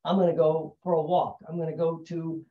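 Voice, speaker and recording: A man's voice: on the high side, flat delivery, fairly quick. A man giving a casual explanatory talk about habits, conversational and repeating "right?" and "you know" often. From United States. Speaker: hypnotherapist talking about habits. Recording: dull, echoey, from a distance.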